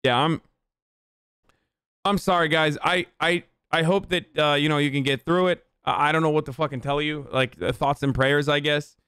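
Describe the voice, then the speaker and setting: A man's voice: a little high, steady tone, normal speed, sharp tone, clean tone, dry recording, studio quality. A man streaming live, ranting with heavy profanity and answering his chat. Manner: reads viewer chat aloud and answers it. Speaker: livestreamer. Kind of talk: livestream rant and chat replies.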